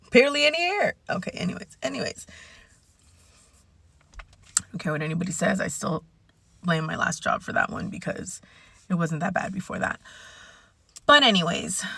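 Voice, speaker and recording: Chatty woman vlogging, bright and dry. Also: on the low side, creaky, slightly rough, dry recording. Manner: chatty, rambling and candid. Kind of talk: casual vlog rant.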